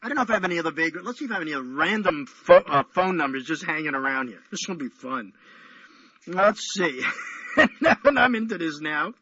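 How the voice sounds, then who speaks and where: A man's voice: on the high side, big pitch swings, fast talker, sharp tone, husky, dry recording. A man hosting a radio show, chatting in a playful, rambling, teasing way. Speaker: radio host. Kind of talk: casual call-in radio chat. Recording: dull lo-fi radio audio.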